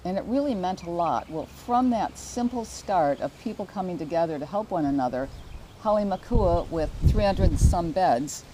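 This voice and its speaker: A woman's voice: fairly low pitch, lively intonation, moderate pace, mellow, slight background noise, poor audio. An older woman hosting a local real estate show, chatting earnestly about community charities. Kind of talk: casual promotional chat.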